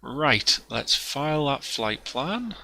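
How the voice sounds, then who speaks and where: Bright, chatty man streaming a flight sim. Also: medium pitch, big pitch swings, slow pace, vocal fry, poor audio. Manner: chatty, jokey, greets viewers by name. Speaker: host streaming a flight simulator. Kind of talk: casual livestream commentary.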